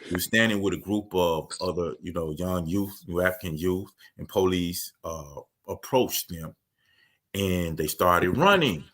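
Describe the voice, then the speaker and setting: Male podcast co-host, very low voice, earnest and measured news talk. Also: a bit bright. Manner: earnest, measured, recounting events in detail. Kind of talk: casual discussion of news.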